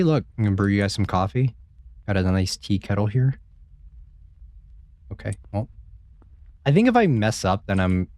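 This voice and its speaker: A gaming streamer plays a horror title while casually chatting, cracking jokes and cursing freely for his viewers. His voice is fairly low in pitch with a darkish tone, and there's no room sound.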